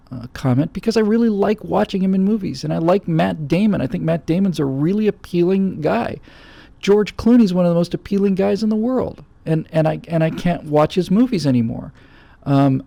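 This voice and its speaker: A middle-aged man hosts, trading in emphatic, blunt opinions and acting out the voices he quotes. His voice sits a little high for a man yet stays mellow, with a gravelly edge. The recording is close and dry. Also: no room sound. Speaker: host. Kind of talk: opinionated commentary answering viewer questions.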